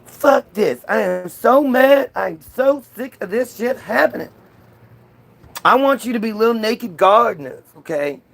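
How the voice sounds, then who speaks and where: A man voicing a furious, petty male God who shouts crude, slangy complaints. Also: high-pitched, expressive, unhurried, long pauses, pitched above the performer's own voice. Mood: scolding.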